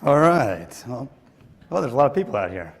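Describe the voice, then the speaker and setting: A man's voice: mid-range voice, big pitch swings, moderate pace, gravelly, a little hiss or hum. A man giving a joking, conversational and self-deprecating conference talk to a large audience in a hall. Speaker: conference speaker. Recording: echoey hall with long reverb.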